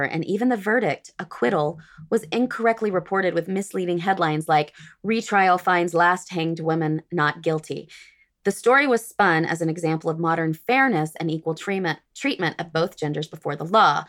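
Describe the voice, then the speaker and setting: A woman podcast host reading a prepared history segment with dry, sardonic asides. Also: sits low.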